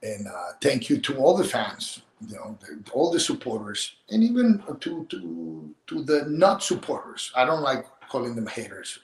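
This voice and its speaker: Man, middle-aged, halting repeated words, soft near-whispers, roomy echo. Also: mid-range voice, very animated. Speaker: interview guest. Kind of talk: emotional interview talk.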